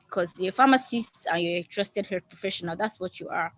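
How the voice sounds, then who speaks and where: A woman's voice: mid-range voice, a little fast, a bit bright, no echo. A woman moderating a video call Q&A, reading questions aloud with hesitant restarts. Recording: dull lo-fi video call audio.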